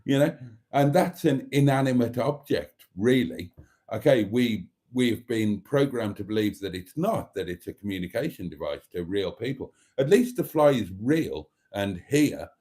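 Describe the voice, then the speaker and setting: A man's voice: lowish voice, lively intonation, moderate pace, warm tone. A man hosting a casual live stream from home, reading viewer comments aloud in a chatty, cheeky, rambling way into a phone. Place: home, indoors.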